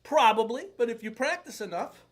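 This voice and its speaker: A man's voice: high-pitched, very animated, moderate pace, very noisy. A man teaching drums in a casual video lesson, rambling and joking at his own expense. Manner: rambling, joking, self-deprecating. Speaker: drum teacher. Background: loud drum kit playing.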